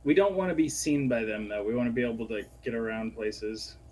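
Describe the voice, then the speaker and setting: Husky-voiced man at the gaming table. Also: medium pitch, fairly quick, darkish tone, poor audio. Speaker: player. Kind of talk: casual tabletop game chat.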